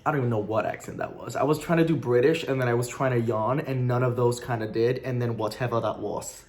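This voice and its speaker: A man's voice: mid-range voice, fast talker, darkish tone. Playful chatty man reviewing books. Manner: rambling with frequent likes and asides. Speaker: book reviewer. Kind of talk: casual vlog review.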